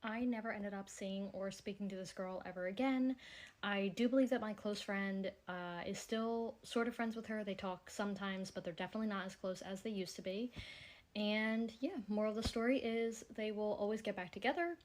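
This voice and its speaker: Woman, middle-pitched voice, casual storyteller, dry and matter-of-fact. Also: moderate pace.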